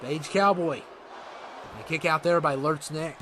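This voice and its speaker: A man's voice: a little high, moderate pace, pushed and bright, slight background noise. A man giving casual let's-play commentary on a wrestling game, dramatic and playfully indignant. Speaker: gaming commentator.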